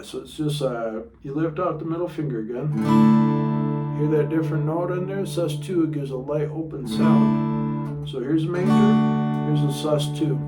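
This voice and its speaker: A man giving a relaxed guitar lesson, thinking aloud and stopping to check his notes. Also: fairly high pitch, roomy sound, far from the mic. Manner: talks with a pick in his mouth at times. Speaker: guitar teacher. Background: guitar playing.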